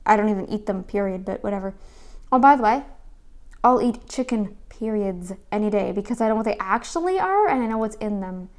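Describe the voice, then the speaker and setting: A woman giving casual reaction commentary, rambling and turning loud and scolding when annoyed. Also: medium pitch, lively intonation, a little fast.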